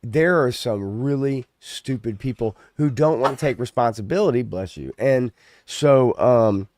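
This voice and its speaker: A man's voice: medium pitch, unhurried, darkish tone. A man co-hosting a casual podcast, talking in a loose, ranting way with plenty of swearing. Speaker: podcast co-host. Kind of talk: casual chat.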